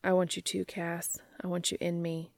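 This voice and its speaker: A brash, eager man talks in a hushed, urgent voice, as a woman reader puts him on. The voice is low and gravelly with creaky fry, recorded close and dry. Read for an amateur audiobook. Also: completely flat delivery, moderate pace, no echo.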